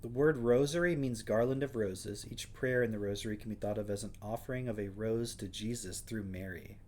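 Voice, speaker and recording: A man's voice: on the low side, brisk, darkish tone. A man hosting a livestream, reading passages aloud and breaking off with wry, sarcastic questions in a casual chat style. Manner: wry, sarcastic asides between read passages. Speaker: livestream host.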